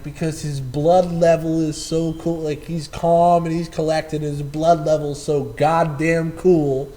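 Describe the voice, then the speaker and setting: A man's voice: fairly high pitch, warm tone, rough recording. A man casually telling rambling, profane anecdotes about a former coworker, often repeating and correcting himself. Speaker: storyteller.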